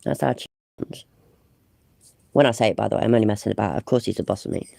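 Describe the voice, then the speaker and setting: A woman's voice: extremely low pitch, fairly even intonation, very fast, gravelly, warm tone, no echo, studio quality. A woman giving casual, exasperated reaction commentary on a live stream, swearing and chatting with her viewers.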